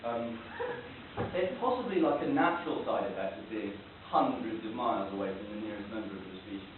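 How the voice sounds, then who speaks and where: A man doing a rambling, self-mocking stand-up comedy set, now and then breaking into shouted rants. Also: lowish voice, lively intonation, brisk. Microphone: camera far from the stage. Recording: distant, tinny, hissy, roomy amateur recording.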